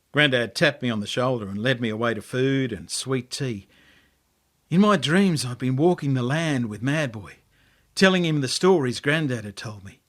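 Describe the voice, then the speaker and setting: Slow, expressive Australian male storyteller. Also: mid-range voice. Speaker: author reading his own story. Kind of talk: storybook reading.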